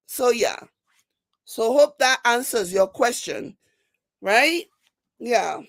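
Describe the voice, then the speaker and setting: A woman with a Nigerian accent hosting a casual commentary show, reading viewer comments and mocking them with animated, repetitive emphasis. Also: fairly high pitch, no room sound. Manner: animated, laughing, mocking, repeats herself for emphasis. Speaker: commentary channel host.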